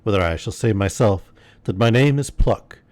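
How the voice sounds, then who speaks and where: A man voicing a pompous, smooth-talking gentleman who speaks in grand, flowery, theatrical flattery. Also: lowish voice, moderate pace, no room sound, close to an everyday voice.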